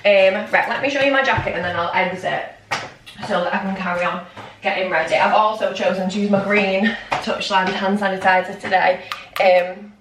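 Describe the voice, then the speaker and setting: A woman's voice: mid-range voice, noisy background. A young woman chatting in a casual vlog, rambling and scattered with lots of ums, shaky and out of breath. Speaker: vlogger. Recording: echoey room, mic at a distance.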